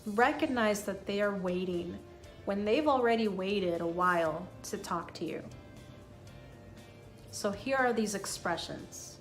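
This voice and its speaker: Woman teaching phrases slowly and clearly. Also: mid-range voice, expressive, faint music behind. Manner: slow, clear modelling of phrases. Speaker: English teacher. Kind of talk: scripted lesson.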